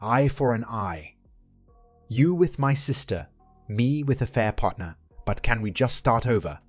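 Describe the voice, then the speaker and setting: A man's voice: mid-range voice, expressive, a little slow, breathy edge, no echo, faint music behind. A man voicing a desperate young woman, the narrator's ex, pleading to be taken back. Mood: bargaining. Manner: earnest, begging.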